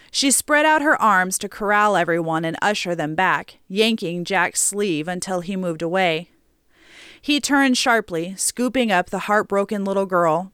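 A woman reading a story aloud as an audiobook narrator, steady and measured, on a close mic. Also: lowish voice, smooth, no room sound.

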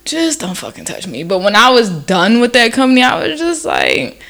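A woman's voice: a little high, wildly swooping pitch, normal speed, creaky, noisy background. A woman in casual conversation who speaks bluntly and swears freely. Her talk is full of fillers like "like". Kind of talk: casual chat.

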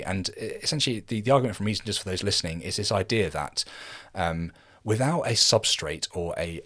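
A quick-talking man hosting a podcast, his voice sitting low. He rambles in easy conversation and keeps restarting his sentences as he goes. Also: a bit bright. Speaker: podcast host. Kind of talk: casual conversation.

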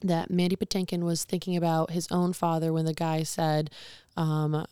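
Chatty young woman, smooth low voice. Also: fairly even intonation, brisk, a little mellow, no room sound, studio quality. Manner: chatty, emotional storyteller with many fillers. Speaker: podcast co-host. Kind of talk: casual chat.

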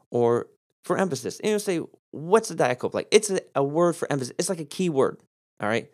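Chatty male Bible teacher. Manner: conversational, animated pitch jumps for emphasis. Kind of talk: casual Bible teaching podcast.

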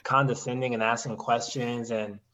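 A man's voice: medium pitch, flat delivery, normal speed, sharp tone, a little hiss or hum, poor audio. A man co-hosting a podcast in casual chat, talking in a rambling, sarcastic way with many restarts.

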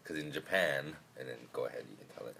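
A man's voice: very deep voice, fast, gravelly, pushed and bright, slight background noise. A man hosting a podcast, chatting casually and joking, swearing now and then, recorded in a car. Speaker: podcast host. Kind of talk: casual chat.

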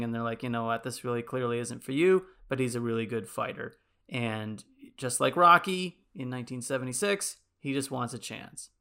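A man co-hosting a podcast, casually pitching a movie sequel in a rambling way, full of likes and ums. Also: pushed and bright, clean tone. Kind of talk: casual chat.

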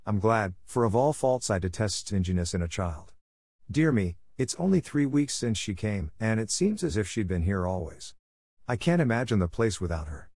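Man putting on a strict older lady, tart and scolding, brisk. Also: lowish voice, animated, a little mellow, no room sound, studio quality. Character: stern, sharp-tongued older spinster woman.

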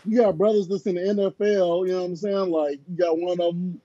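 High-voiced man in dry, dull sports chat. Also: brisk, no room sound. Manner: rambling, animated storytelling with filler words. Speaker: sports podcast co-host.

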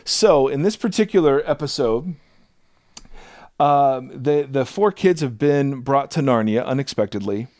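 Dry-sounding man, rambling animated storyteller. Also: mid-range voice, unhurried, dry recording. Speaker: podcast co-host and public speaker. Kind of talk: casual conversational chat.

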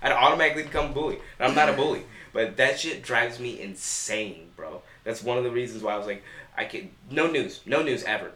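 A man's voice: medium pitch, expressive, fairly quick, sharp tone. A man co-hosting a podcast in casual chat, blunt and profane, hammering his points with emphasis. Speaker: podcast co-host. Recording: roomy with faint noise.

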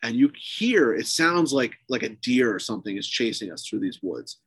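A man's voice: mid-range voice, normal speed, husky, dry recording. Swearing man telling a ghost story. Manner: profane, animated, lots of fillers. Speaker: podcast guest. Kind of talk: casual storytelling.

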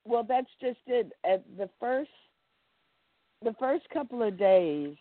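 A woman, an actress guest in an interview, telling animated stories and acting out what people said. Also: fairly high pitch, slow, no room sound. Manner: animated storyteller acting out quotes. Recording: dry, tinny phone-like line.

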